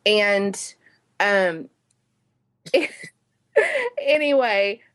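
A woman co-hosting a relaxed podcast, speaking at an ordinary middle pitch. She tells her stories candidly and breaks into laughter often, with a frank, chatty manner. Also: very slow. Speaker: podcast co-host. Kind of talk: casual chat.

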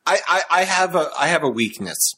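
A man hosting a podcast, telling stories in a joking, animated way during casual chat. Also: on the high side, brisk, slightly rough. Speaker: podcast host.

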